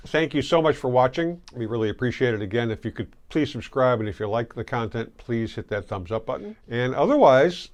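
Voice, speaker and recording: A man of middle pitch hosts a relaxed candy tasting video, chatting to the camera and chewing as he goes. His talk is casual and easygoing, now and then muffled by the candy in his mouth. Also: brisk, few pauses. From Michigan. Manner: chatty, chewing while talking. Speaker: host.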